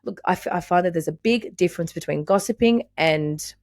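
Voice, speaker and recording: A woman's voice: lowish voice, a little fast, darkish tone, dry recording. Young woman hosting a podcast, laughs a lot, swears, dry close sound. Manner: candid, laughs often, swears freely. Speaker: podcast host. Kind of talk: casual conversation.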